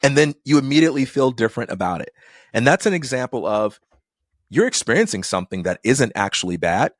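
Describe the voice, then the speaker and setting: A man's voice: mid-range voice, expressive, a little fast, no echo. Thoughtful middle-aged man, dry close mic. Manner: thoughtful, acts out quoted people in dialogue. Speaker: podcast guest. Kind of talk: reflective conversational storytelling.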